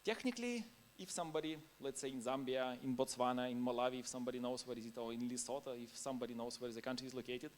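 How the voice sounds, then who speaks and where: A man's voice: medium pitch, fast talker, hardly any pauses, a little hiss or hum. A man giving a conference talk in non-native English, informal and anecdotal, laughing now and then between points. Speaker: conference speaker.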